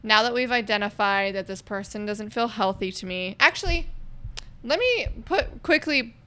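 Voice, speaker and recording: A young woman co-hosting a podcast, talking through her thoughts in a relaxed, reflective way. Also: mid-range voice, moderate pace, clean tone. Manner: reflective, lays out points with ums. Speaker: podcast co-host. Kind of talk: casual chat.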